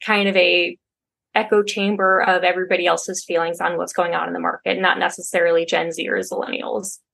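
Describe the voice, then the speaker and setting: Relaxed young woman on a podcast. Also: on the low side, brisk, vocal fry. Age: young adult. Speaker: podcast guest. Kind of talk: casual interview talk.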